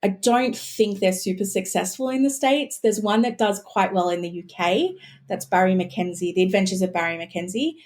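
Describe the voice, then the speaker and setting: A woman's voice: medium pitch, moderate pace, darkish tone. A woman, a historian and podcast guest, explaining her research eagerly and thinking aloud as she talks. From Australia. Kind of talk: podcast conversation.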